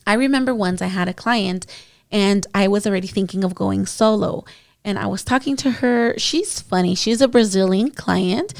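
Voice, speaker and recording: Chatty woman with vocal fry. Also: medium pitch, moderate pace, no room sound, clean studio sound. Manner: chatty, many fillers, addresses listeners as guys. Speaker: esthetician podcast host. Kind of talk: casual storytelling monologue. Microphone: podcast mic.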